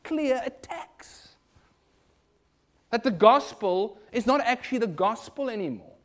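A man with a South African accent preaching a sermon in an animated, rhetorical way. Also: very high-pitched, measured pace. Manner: animated, rhetorical, mimics other voices in quotes.

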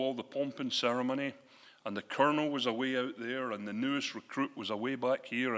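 Male preacher, lively conversational delivery, bright tone, reverberant hall. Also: mid-range voice. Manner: animated, conversational preaching with rhetorical questions. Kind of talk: sermon.

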